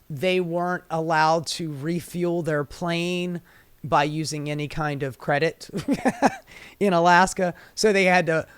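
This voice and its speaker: A man's voice: a little high, no room sound. A man giving sarcastic, profane political commentary. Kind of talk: commentary video.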